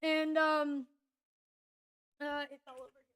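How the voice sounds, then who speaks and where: A woman's voice: high voice, flat delivery, takes it slowly, fairly bright tone. A woman narrating a tabletop game as game master, casual and rambling with fillers.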